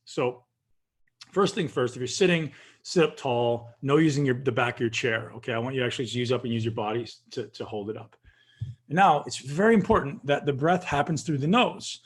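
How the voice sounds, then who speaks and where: A man with a husky, slightly breathy voice talks calmly and steadily, giving step-by-step coaching. His pitch sits in an ordinary middle range for a man. He sounds like he is on a video call. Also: fairly quick. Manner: calm, instructive, addresses listeners directly. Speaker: guest leading a breathing practice. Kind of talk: coaching instruction.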